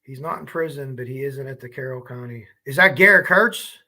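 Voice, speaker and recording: A man's voice: mid-range voice, a little fast, pushed and bright, a little hiss or hum. A man hosting a true crime livestream, chatting casually and rambling as he reacts to viewer comments.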